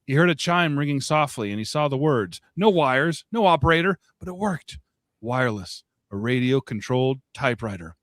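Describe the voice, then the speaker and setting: A man reads a short story aloud on a podcast in a plain way. His voice sits at a middle pitch. It is recorded dry and close. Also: lively intonation, normal speed, a bit bright, no echo. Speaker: podcast co-reader.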